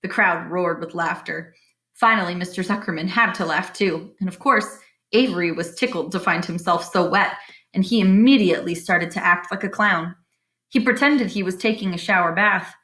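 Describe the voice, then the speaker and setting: Lady reading a kids' chapter book out loud, expressive, explains bits to the kids. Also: fairly low pitch. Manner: expressive, pauses to explain to young listeners. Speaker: reader of a children's book.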